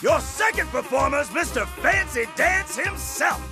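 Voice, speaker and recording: Picture a flamboyant fish-man showman in a video game, his voice high and gravelly as it swoops wildly up and down. He rattles off boastful, sing-song announcer patter, with game music playing clearly behind. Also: expressive, unhurried, full character voice.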